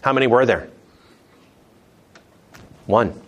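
A man's voice: medium pitch, slow. Chatty man teaching from the Bible. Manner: chatty, with joking asides and restarts.

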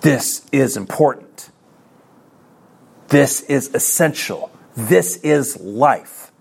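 A man's voice: medium pitch, animated, very slow, vocal fry, a little mellow, breathy edge. A middle-aged man preaching a sermon to his congregation, earnest and conversational, with self-deprecating asides and repeated phrases.

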